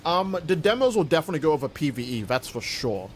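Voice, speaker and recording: A man chats loosely with his viewers while playing a game, his voice sitting a little high for a man. He rambles and jokes as he goes. A clear layer of noise runs beneath his talk. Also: big pitch swings, fast talker. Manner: rambling, playful, reads out viewer messages. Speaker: livestreamer. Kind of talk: casual livestream chat while gaming.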